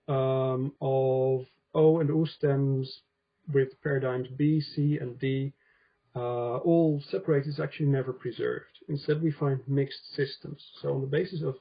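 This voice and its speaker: A man with a Dutch accent giving an academic lecture to a conference, measured, with frequent ums and checking "right?" with the audience. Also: on the high side, gravelly, husky, muffled recording. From Netherlands. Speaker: conference speaker, linguist.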